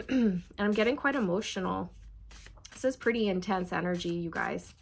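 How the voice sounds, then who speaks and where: A young adult woman giving a slow, soothing channeled tarot reading, speaking straight to her viewers. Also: medium pitch, gravelly, slight background noise. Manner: slow, soothing, spiritual, addresses viewers as you guys. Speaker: tarot reader.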